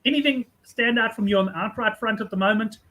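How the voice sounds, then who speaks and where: A male host runs a betting panel at a brisk clip. His voice sits high for a man and he talks fast, moving each guest along. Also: bright, forceful tone. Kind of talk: hosting a panel show.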